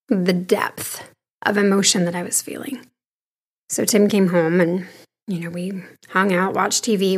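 A woman in her thirties candidly recounting a personal experience in a conversational, frank way, sometimes dropping to a hushed voice. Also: mid-range voice. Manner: frank, conversational, shifting between hushed and animated. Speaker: storyteller sharing a personal experience.

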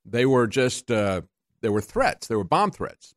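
A man's voice: mid-range voice, big pitch swings, a little slow, no room sound, clean studio sound. A man hosting a talk radio show, delivering a combative, sarcastic monologue that keeps climbing to indignant peaks.

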